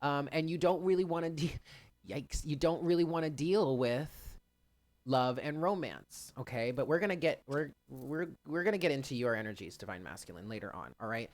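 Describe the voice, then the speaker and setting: A man's voice: a little high, lively intonation, moderate pace. A man giving a live channeled card reading, talking earnestly and directly to his viewers. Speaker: spiritual card reader.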